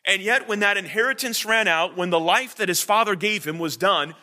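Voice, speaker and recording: Earnest high-voiced male preacher. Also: pushed and bright. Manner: earnest, halting with many fillers and restarts. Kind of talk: sermon.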